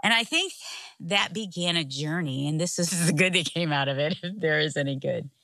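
A woman's voice: deep voice, moderate pace, creaky, fairly bright tone, no room sound. A middle-aged woman co-hosting a casual talk show, telling a story with animation and frequent laughter. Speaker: podcast co-host, pastor's wife.

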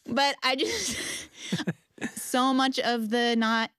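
A woman telling lively stories about motherhood as a guest in casual chat. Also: high-pitched, takes it slowly, no echo, clean studio sound. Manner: animated storyteller. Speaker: guest author.

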